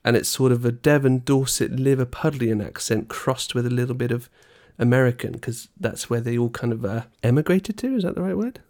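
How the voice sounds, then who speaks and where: A man's voice: mid-range voice, brisk, few pauses, a little mellow. Teasing man asking questions. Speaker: podcast co-host. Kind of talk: casual chat.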